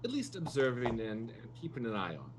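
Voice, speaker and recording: A man voicing a sly, fawning ship crew member who schemes while flattering his captain. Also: medium pitch, a little fast, noisy background.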